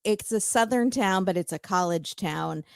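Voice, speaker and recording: A woman's voice: mid-range voice, normal speed, vocal fry, clear, resonant tone, dry recording, studio quality. A woman guest on a podcast chatting casually, thinking aloud with tentative, hedging takes. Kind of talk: casual chat.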